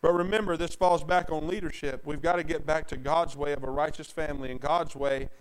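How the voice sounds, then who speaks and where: Over poor audio, a pastor with a strikingly high, steady voice preaches a sermon to his congregation. His delivery is emphatic, rising to loud proclamations before falling into quiet asides, and he reads scripture out slowly.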